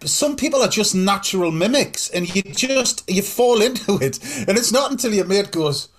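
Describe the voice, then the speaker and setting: A man's voice: high voice, moderate pace. A man with a Geordie accent, chatting jokily as a co-host and slipping into mimicked voices. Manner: jokey, animated, mimics voices. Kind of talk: casual chat.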